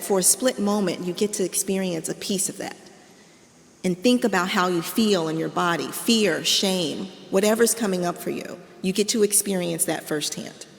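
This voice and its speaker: A woman professor lectures to an audience in a large hall, and her voice has a gravelly fry. She tells a scene in the second person, with long reverb trailing her words. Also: medium pitch. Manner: vivid second-person storytelling. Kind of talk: public lecture.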